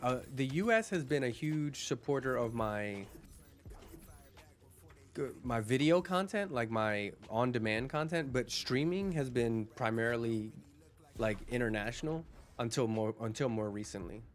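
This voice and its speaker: A man's voice: mid-range voice, animated, measured pace, soft background music. Chatty man live-streaming. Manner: chatty, rambling, restarts and repeats words while answering chat. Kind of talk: casual chat reading viewer comments.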